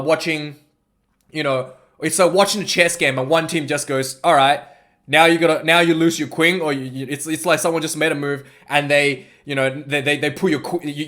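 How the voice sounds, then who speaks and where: A man giving a casual, rambling recap of a rugby match, excitable and full of asides. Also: fairly high pitch.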